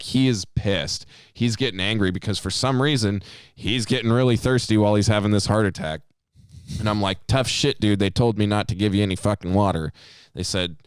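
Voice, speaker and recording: A podcast co-host tells a story in casual chat, swearing heavily and acting out what people said as an animated storyteller. His low-pitched voice is clear and resonant, captured in a dry, clean studio recording.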